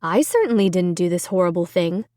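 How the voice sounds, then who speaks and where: A woman's voice: animated, brisk, mellow, dry recording, studio quality, lightly acted. A woman reading a stern mother, teeth gritted. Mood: strained calm. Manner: low, tight, through gritted teeth. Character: stern mother forcing herself calm. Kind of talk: audiobook character voice.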